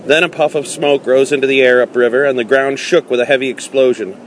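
A male audiobook reader narrates a novel at a measured pace in a middle-pitched voice with fairly even intonation, occasionally stumbling and restarting a phrase. Faint traffic and street noise linger behind him.

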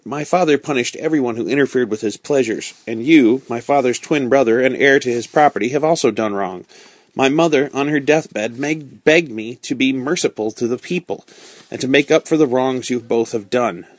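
A man reads a principled young nobleman in a storybook, earnest and solemn. The voice is a medium-pitched male voice, close to the reader's own. It is recorded dry. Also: normal speed, dry recording, natural voice.

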